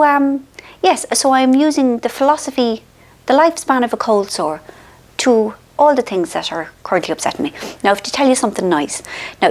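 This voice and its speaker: An Irish woman chatting to camera at home, full of self-mocking asides as someone else films her. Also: on the high side. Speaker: vlogger. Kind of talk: casual chat to camera. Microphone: filmed by a companion behind the camera.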